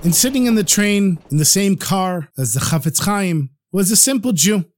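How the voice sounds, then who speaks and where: A man narrating stories for a podcast in a lively, animated way. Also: high voice, normal speed. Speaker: storyteller.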